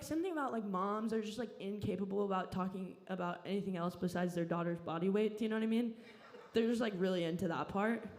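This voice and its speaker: A young woman from Southern California doing a stand-up set on a club stage into a handheld mic, rambling, self-deprecating and swearing freely. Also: fairly high pitch. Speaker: stand-up comedian.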